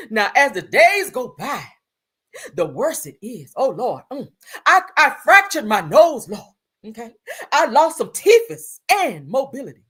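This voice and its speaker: A woman's voice: high-pitched, fairly bright tone, voice pushed up, exaggerated voice. A woman putting on an over-dramatic, fragile weeping woman who draws out each phrase and sighs between lines. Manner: slow, quavering, sighing "Lord" between phrases.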